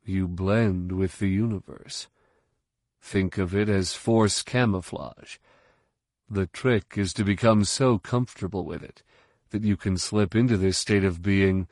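A man voicing a calm male mentor who speaks softly, evenly and soothingly. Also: deep voice, dry recording, clean studio sound. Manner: soft, even, soothing.

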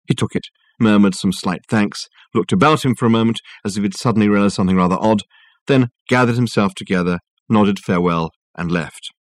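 A man narrating a novel as an audiobook reader, measured and wry. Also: fairly low pitch, no room sound, clean studio sound. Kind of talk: scripted narration.

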